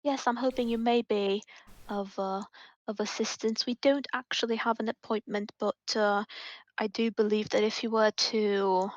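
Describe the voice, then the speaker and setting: A woman voicing a courteous, well-traveled female adventurer in a tabletop game, speaking formally with hesitant pauses. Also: mid-range voice, fairly even intonation, dry recording, muffled recording, lightly acted. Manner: gracious, formal, hesitant phrasing.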